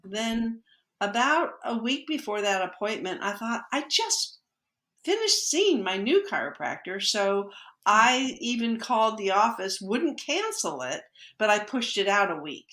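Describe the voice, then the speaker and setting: A woman's voice: medium pitch, measured pace. A woman guest on a podcast, telling a personal story in conversation and acting out the lines of the people in it. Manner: lively storyteller who acts out quoted dialogue. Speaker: podcast guest, energy healer. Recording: echoey room.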